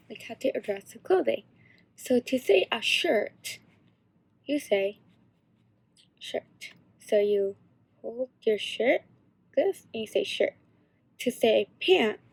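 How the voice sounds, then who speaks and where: A teenage girl explaining signs in a casual, halting tutorial. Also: a little high, gravelly, darkish tone, husky. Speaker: sign language instructor.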